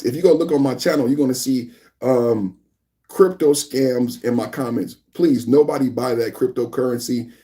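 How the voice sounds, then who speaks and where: A man hosting a live political podcast, talking in a mocking, animated way that repeats his points over and over. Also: medium pitch. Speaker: podcast host. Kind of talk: live-stream political commentary.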